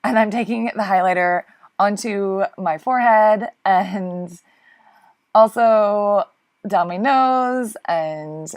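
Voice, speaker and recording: Chatty woman doing a makeup tutorial. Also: medium pitch. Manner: chatty, flustered, apologetic; laughs often while talking. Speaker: beauty vlogger.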